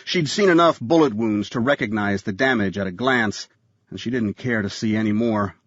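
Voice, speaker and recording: A man's voice: fairly low pitch, moderate pace, a bit bright, no echo. Male audiobook narrator, tense thriller delivery, dull dry studio sound. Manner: tense thriller reading, voices characters.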